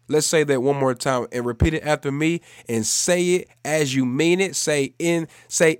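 A man's voice: fairly high pitch, a little slow, smooth, no echo, studio quality. A man in his thirties preaching a sermon, earnest, repeating phrases and building to fervent exhortation.

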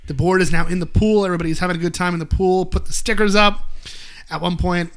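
A man's voice: sits high, quick pace, smooth. A man hosting a casual podcast, animatedly recapping an episode and quoting characters. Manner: animated, quotes characters in bursts. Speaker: podcast host.

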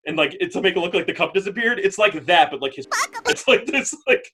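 A man's voice: sits high, wildly swooping pitch, normal speed, pushed and bright. A man co-hosting a podcast, chatting casually, rambling with many fillers and laughing often. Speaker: podcast co-host. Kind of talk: casual chat.

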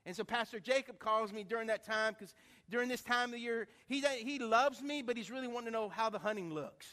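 A man preaching, a pastor telling a story in a lively, acted-out way to his church. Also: very high-pitched, fairly quick. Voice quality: animated storyteller, acts out voices. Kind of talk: storytelling sermon.

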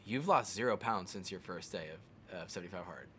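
A man who is a guest in a casual chat, speaking in a thoughtful, encouraging way with halting restarts. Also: low-pitched, expressive, sharp tone, slightly rough.

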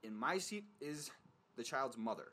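Young male podcast co-host, mid-pitch, loose profane storyteller. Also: normal speed. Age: young adult. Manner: animated, profane storytelling with lots of fillers. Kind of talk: casual storytelling chat.

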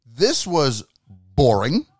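Man, casual wrestling podcast host, lively swinging pitch, dry close sound, jokey, profane. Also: slow, slightly rough, dry recording. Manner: animated, profane and joking. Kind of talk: casual wrestling recap chat.

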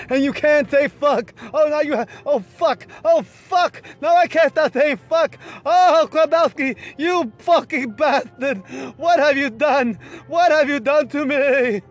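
A man voicing an excitable, panicky man who scolds a friend theatrically in a comedic voice message. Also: very high-pitched, a little slow, hardly any pauses. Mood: scolding.

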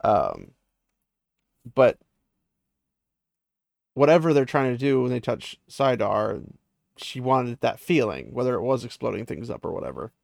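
A man with a gravelly, creaky voice rambles through a fantasy book recap, full of "like" and "um". The sound is dry and close, with no room around it. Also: mid-range voice, very animated, measured pace, long pauses, darkish tone, dry recording. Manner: rambling, many fillers and restarts.

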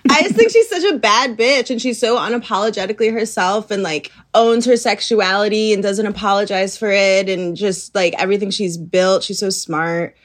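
A woman's voice: mid-range voice, moderate pace. A young adult woman chatting as an interview guest, bubbly and giggly as she tells stories. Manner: bubbly, giggly, lively storytelling. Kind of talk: casual interview chat.

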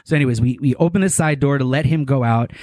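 A man telling a long story in casual chat, animated and full of filler words and swearing. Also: medium pitch, quick pace, no room sound.

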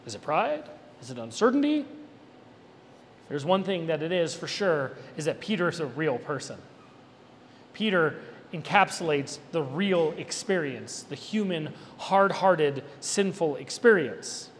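Animated preacher man in a reverberant hall. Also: a little high, unhurried. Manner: animated, emphatic, conversational preaching with asides like "right?". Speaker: pastor. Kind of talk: expository sermon. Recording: reverberant hall with faint background noise.

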